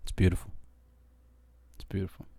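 A man's voice: normal speed, mellow, no echo, clean studio sound. A man co-hosting a podcast in casual chat, joking and laughing often. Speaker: podcast co-host.

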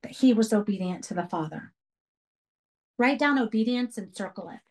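A woman's voice: medium pitch, lively intonation, moderate pace, rough recording. A woman leading a Bible study for a women's group, earnest and emphatic, repeating key phrases as she teaches. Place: church radio program.

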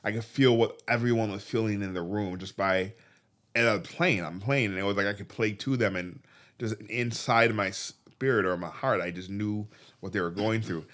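Low-ish guy telling his story, earnest, keeps stopping and restarting. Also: a bit bright. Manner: halting, restarts mid-sentence, earnest. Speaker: guest telling his testimony. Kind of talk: emotional personal storytelling.

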